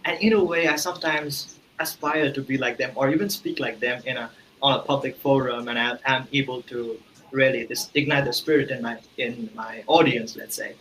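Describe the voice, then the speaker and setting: A man's voice: medium pitch, steady tone, moderate pace, a bit bright, slight background noise, rough recording. A man from India, a guest in an interview, explaining earnestly with examples and fillers. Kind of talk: casual interview talk.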